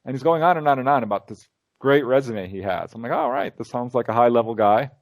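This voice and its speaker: A mid-range male voice moves quickly as this interviewed UFO researcher and lecturer relates stories in an easygoing, spirited way. He acts out what people said rather than just reporting it.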